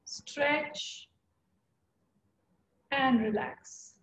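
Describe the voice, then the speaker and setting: Young Indian-accented woman as encouraging yoga teacher, slow-paced, recorded in a roomy space. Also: sits high, slight background noise. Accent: Indian English. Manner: encouraging, coaching by name, slow cues. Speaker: yoga instructor. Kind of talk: live online chair yoga class.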